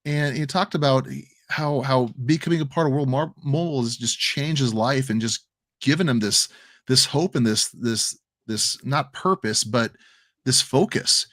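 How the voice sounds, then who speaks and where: A man's voice: mid-range voice, moderate pace, a bit bright, dry recording. A man from the American Midwest, co-hosting a crypto livestream, telling an emotional story with many restarts and repeated words. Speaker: crypto stream co-host. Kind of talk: casual livestream chat.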